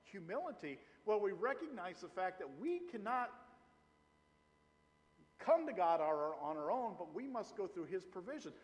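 A middle-aged man preaching a sermon as pastor, animated and emphatic, slowing down to stress key phrases. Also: high voice. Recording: long hall reverb.

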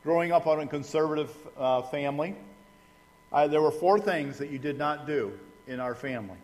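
A man's voice: fairly high pitch, moderate pace, a little mellow. Folksy male pastor preaching in a hall. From Indiana, US. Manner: folksy, conversational, humorous asides to the congregation. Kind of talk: sermon with personal stories. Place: church sanctuary. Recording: long reverb of a church hall.

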